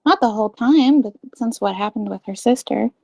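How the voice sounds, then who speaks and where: A woman at a game table speaks earnestly, stopping and restarting as she goes. Her voice sits a little high and sounds close and dry. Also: brisk, dark tone, no room sound. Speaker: player. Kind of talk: casual chat at a game table.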